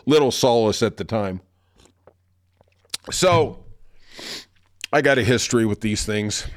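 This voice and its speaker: A man's voice: mid-range voice, dry recording, clean studio sound. A middle-aged man hosting a podcast, telling rambling, self-deprecating sports-betting stories and laughing at himself. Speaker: podcast host. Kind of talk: casual sports-betting storytelling.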